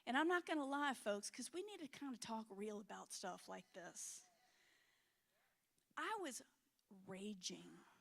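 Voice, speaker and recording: A middle-aged woman preaching a frank, emotional sermon in a church, swinging between loud and hushed. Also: a little high, sing-song, unhurried, gravelly, long pauses. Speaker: conference speaker.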